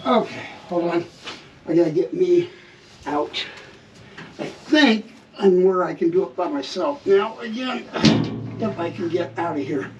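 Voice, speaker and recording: A man's voice: high voice, expressive, unhurried, dull audio, heavy background noise. A man casually talking viewers through each step of a hands-on repair job. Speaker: vlogger working on his RV. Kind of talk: casual work narration to camera. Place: workshop area around a vehicle frame.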